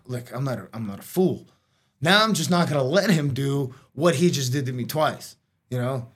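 A man's voice: mid-range voice, animated, brisk. A middle-aged man telling a long story in casual chat, rambling with many "like"s and restarts, with a cough now and then. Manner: rambling, lots of "like" and "you know", restarts.

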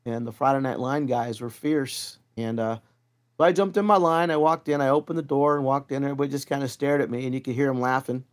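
Male storyteller, mid-pitch, animated, acts out the voices he quotes. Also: fast talker. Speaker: martial arts instructor, guest. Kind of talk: casual storytelling.

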